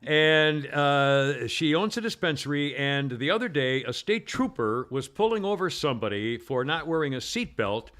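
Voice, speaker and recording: A man's voice: fairly high pitch, expressive, normal speed, few pauses, fairly bright tone. A man hosting a casual news talk show, rambling with many fillers and restarts. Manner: acts out quoted people in a raised voice. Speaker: podcast host.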